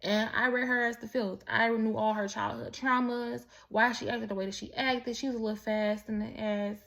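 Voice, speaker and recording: Candid, rambling woman with a gravelly edge. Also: fairly high pitch, little pitch movement, normal speed, fairly bright tone. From Mexican heritage. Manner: candid, profane, rambling with many restarts. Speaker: vlogger. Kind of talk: casual storytelling monologue.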